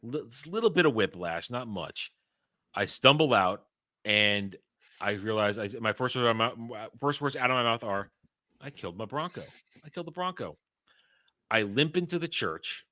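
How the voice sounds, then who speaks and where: Man, podcast host, casual storytelling, profane, animated, forceful tone, dry close sound. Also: medium pitch, moderate pace, no room sound. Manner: profane, animated, frequent restarts.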